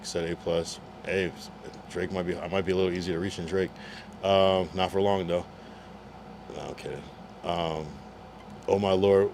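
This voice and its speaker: Laid-back male streamer, deep voice, reads chat aloud, faint hiss behind. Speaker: livestreamer reading chat. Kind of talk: casual livestream chat.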